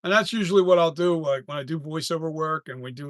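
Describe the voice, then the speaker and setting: A man chats casually on a live stream about his mask work. He rambles, trails off and restarts his sentences. His voice sits fairly high, and the sound is dry with no room echo. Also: fast.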